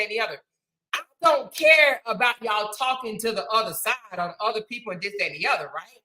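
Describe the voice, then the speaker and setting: A woman's voice: fairly high pitch, bright, forceful tone, poor audio. A woman hosting a casual livestream, chatting and thanking viewers as she reads their comments. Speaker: livestream host.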